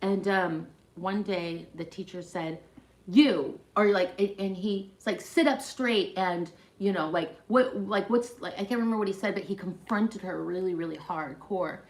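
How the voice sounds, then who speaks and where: A woman's voice: lowish voice, normal speed. A woman chatting casually on a livestream, telling a rambling story full of "like" fillers.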